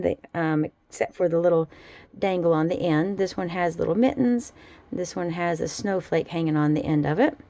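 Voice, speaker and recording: A woman with a somewhat low, warm and mellow voice talks through her handmade pieces in a relaxed show-and-tell at home. Her chatter is easygoing and fond, full of little asides. The sound is dry and close, with no room echo. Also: creaky. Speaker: jewelry-making vlogger.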